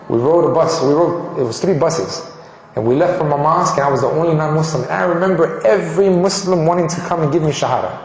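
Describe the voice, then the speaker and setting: A man's voice: on the high side, a little hiss or hum. Colombian man telling his story, echoey hall. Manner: animated, acts out quoted dialogue, frequent restarts. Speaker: speaker sharing his conversion story. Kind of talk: personal testimony storytelling.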